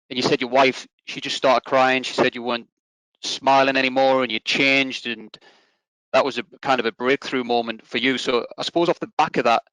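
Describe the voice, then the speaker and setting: A man's voice: medium pitch, fairly bright tone, dry recording, rough recording. A man interviewing a guest over a video call, asking long, meandering questions with verbal hedges. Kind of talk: conversational interview.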